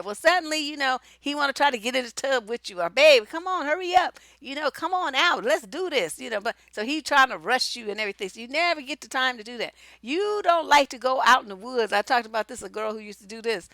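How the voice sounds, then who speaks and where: A woman relationship coach giving blunt, profane, animated advice in a casual talk. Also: on the high side, fast talker, hardly any pauses, no echo, studio quality. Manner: blunt, profane and animated, acts out quoted voices.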